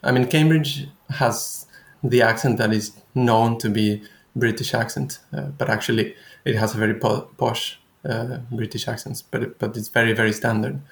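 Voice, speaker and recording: Thoughtful man with a gravelly voice. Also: medium pitch, steady tone, echoey room. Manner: thoughtful, halting, many restarts. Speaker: guest researcher. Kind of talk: casual conversation.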